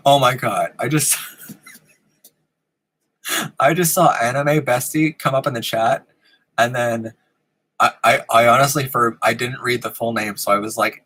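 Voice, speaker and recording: A man's voice: medium pitch, normal speed, pauses often, fairly bright tone, slightly rough, poor audio. A man hosting a live stream in casual chat, giggling often and rambling with frequent ums, in a room with a fan running. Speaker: host of a live-streamed show.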